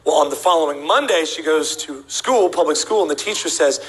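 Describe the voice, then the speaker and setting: A man preaching to a congregation in a bright, somewhat high voice, full of energy. He tells funny stories and slips into the voices of the people in them. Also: brisk, few pauses, poor audio. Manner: animated, acts out voices of people in his stories. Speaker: guest preacher. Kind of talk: humorous sermon storytelling. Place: church sanctuary before a congregation.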